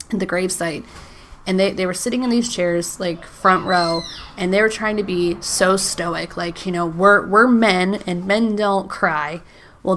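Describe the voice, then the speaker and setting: A woman's voice: on the low side, sharp tone, a little hiss or hum. A woman in her thirties hosting a faith podcast alone, chatting casually with many "like"s and small laughs, at times close to tears. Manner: chatty, frequent "like" and "um", laughs between thoughts. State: emotional, near tears. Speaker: podcast host.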